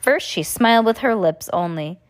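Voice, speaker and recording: A woman reading a children's storybook aloud as a podcast host. Her storytelling is animated, and her voice sweeps widely in pitch. Her pitch sits in a middle range. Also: moderate pace.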